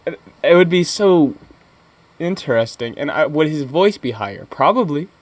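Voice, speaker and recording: A young man co-hosting a podcast, telling crude stories in a halting, rambling way with many fillers and restarts. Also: a little high, lively intonation, over a noisy crowd. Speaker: podcast co-host. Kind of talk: casual crude banter.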